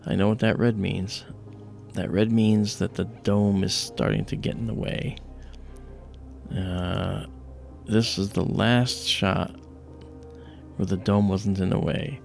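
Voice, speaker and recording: A man's voice: sits low, fairly even intonation, slow, creaky, pauses often, darkish tone, faint music behind. A man hosting a livestream, chatting casually and telling a personal story with many fillers and acted-out quotes. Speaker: livestream host.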